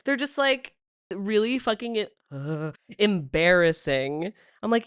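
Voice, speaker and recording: A woman's voice: mid-range voice, slow pace, smooth, no room sound, studio quality. A young woman hosting a podcast, chatting casually, swearing and laughing often. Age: young adult. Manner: profane, laughs often, animated. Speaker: podcast host.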